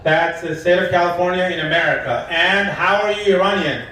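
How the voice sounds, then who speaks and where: An Iranian man delivers a live stand-up set with a fairly high voice, telling deadpan stories about the people he meets. He sounds distant from the mic, and the lounge gives his voice a heavy echo with faint noise behind it. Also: fairly quick. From Iran. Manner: deadpan storytelling, quoting people in his jokes. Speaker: stand-up comedian. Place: comedy lounge stage. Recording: echoey room from far off, faint noise.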